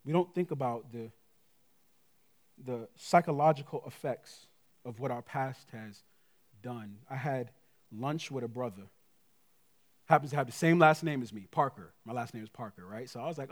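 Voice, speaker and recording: A middle-aged man delivers a sermon from a church pulpit with a fairly high-pitched voice. He speaks in a colloquial, conversational way, asking the congregation direct questions. His volume swings between loud, emphatic passages and hushed, quiet asides. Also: expressive, fairly quick, long pauses. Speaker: guest pastor. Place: church sanctuary.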